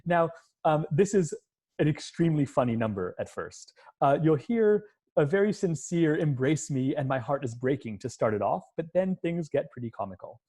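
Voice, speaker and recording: His voice is fairly high and slightly rough, with a dark tone, lively intonation and normal speed. He's a music professor teaching an online lecture, explaining scenes one step at a time and now and then humming the lines, recorded on a computer mic during a video call.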